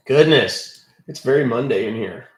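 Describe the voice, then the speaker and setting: A man's voice: medium pitch, reverberant, a little hiss or hum, rough recording. A man hosting a casual live stream, talking in a sarcastic, teasing, chatty way. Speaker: scam-baiting live streamer.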